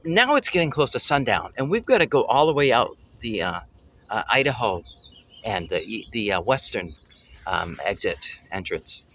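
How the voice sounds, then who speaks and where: A man hosting a family travel show, telling a story casually and excitedly, often pausing to search for words. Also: medium pitch, slight background noise. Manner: excitable, gropes for words, exclaims "holy cow".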